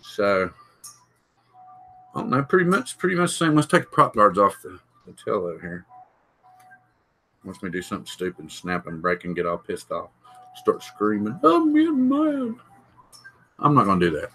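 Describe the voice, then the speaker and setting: A man's voice: sits low, animated, moderate pace, pauses often, sharp tone, slightly rough, low-quality recording. Rambling man live-streaming. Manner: rambling, thinks aloud, greets viewers. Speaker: drone channel host. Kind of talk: live-stream product unboxing chat.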